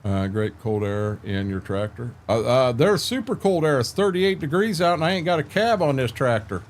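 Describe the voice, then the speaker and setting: A man's voice: mid-range voice, big pitch swings, normal speed. An older man chatting casually with viewers while streaming a farming game, laid-back and rambling, repeating words and filling gaps with "uh".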